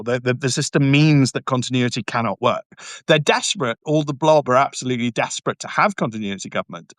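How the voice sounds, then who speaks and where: A man's voice: medium pitch, fairly bright tone, no room sound. A barrister hosting a live stream, talking emphatically and often stumbling and restarting as he answers viewers' comments. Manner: mocking, sarcastic asides.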